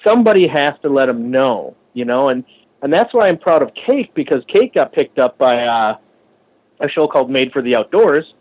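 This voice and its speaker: A man who runs a shop and builds bikes, from the Minneapolis area, speaking at a middle pitch. His talk is casual and profane, and he keeps jumping up in pitch to act out other people's doubting lines. The audio sounds a little dull and lo-fi. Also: sing-song, normal speed, darkish tone. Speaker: shop owner and bike builder. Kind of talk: casual podcast conversation.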